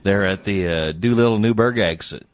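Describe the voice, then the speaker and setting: A man's voice: sits low, normal speed. A man with a Midwest American accent co-hosting a casual radio show in a station studio, joking and laughing with guests.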